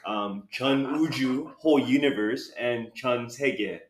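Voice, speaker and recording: A young man co-hosting a podcast, asking questions eagerly in casual chat. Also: mid-range voice. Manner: eager interviewer, quick backchannel replies. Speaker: podcast co-host. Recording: echoey room.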